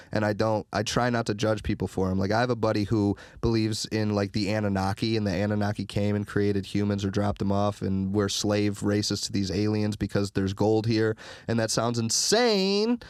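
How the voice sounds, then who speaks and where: A man's voice: lowish voice, normal speed, no echo, clean studio sound. A man, a recording engineer and podcast guest, telling rambling, profane stories in casual chat. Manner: rambling, profane, animated storyteller. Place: podcast studio.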